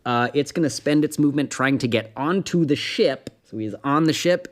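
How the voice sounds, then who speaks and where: A man's voice: mid-range voice, expressive, moderate pace, few pauses. A man in the dungeon master role, narrating a tabletop game loosely, with many fillers and laughs.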